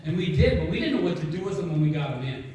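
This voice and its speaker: A man giving an energetic motivational talk to an audience, telling stories and acting out both sides of a conversation. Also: a little high, racing. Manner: energetic storytelling, acts out dialogue. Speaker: network marketing speaker. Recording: echoey hall, mic from a distance.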